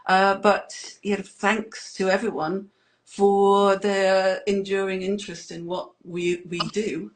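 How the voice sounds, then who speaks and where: A woman's voice: medium pitch, flat delivery, slow. A woman in a band, chatting casually as an interview guest with rambling, self-deprecating asides.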